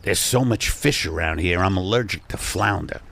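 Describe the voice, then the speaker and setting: A man improvising a rambling comic monologue in a gruff, sardonic voice. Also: low voice, moderate pace, fairly bright tone, slight background noise. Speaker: comedian host.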